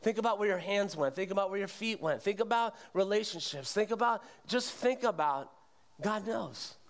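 A man's voice: high-pitched, animated, normal speed. A male pastor preaching a sermon, earnest, quizzing the congregation and repeating words as he goes.

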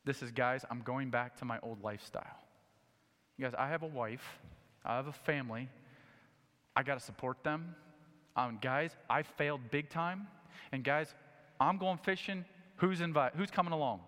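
A man preaching a sermon, reading scripture and acting out the story with lively asides. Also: mid-range voice, normal speed, long pauses, long reverb tail. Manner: animated storytelling, acting out scenes. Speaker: pastor.

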